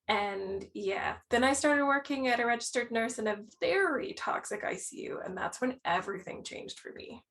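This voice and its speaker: A woman in her thirties, a podcast guest telling her story in a casual, animated way and acting out her own reactions. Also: a little high, normal speed, gravelly, few pauses. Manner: animated, acts out quoted reactions.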